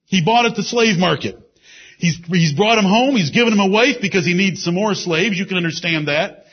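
A man preaching a sermon with emphasis. He repeats key phrases and drops into low asides. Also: fairly quick, slightly rough. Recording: dull lo-fi sermon recording.

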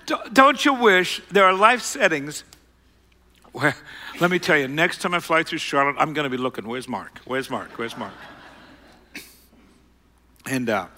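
A middle-aged man telling a self-mocking personal story to an audience, rambling and animated. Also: a little high, normal speed, in a large hall.

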